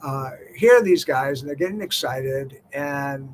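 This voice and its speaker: A man's voice: mid-range voice, a little slow, slight background noise. An older man hosting a radio health show, talking in a folksy, conversational way with lots of "you know" fillers. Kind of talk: talk radio monologue.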